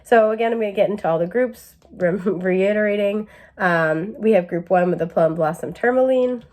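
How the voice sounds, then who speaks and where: A woman's voice: medium pitch, moderate pace, darkish tone. A young woman giving a casual tarot and astrology reading, chatty with lots of fillers and an occasional cough. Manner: chatty, many fillers, asides to camera. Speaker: tarot reader.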